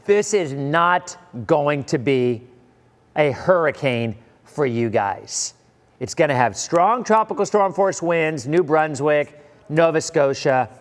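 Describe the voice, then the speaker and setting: A man's voice: a little high, in a large hall. A middle-aged man, a meteorologist giving a live weather update, reassuring and emphatic, repeating points. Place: live stream studio.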